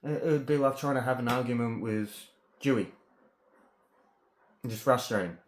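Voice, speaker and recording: Australian guy, agitated rambling vlog rant, halting and stumbling over words, mid-pitched, recorded in an echoey room. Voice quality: halting speech, stuck on words. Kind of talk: ranting personal monologue.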